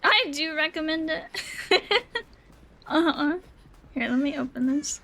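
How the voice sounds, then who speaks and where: A woman's voice: sits high, lively intonation, slow pace, sharp tone. A woman live streamer chatting casually and swearing loosely while playing a game, with a sore throat and a cough drop in her mouth.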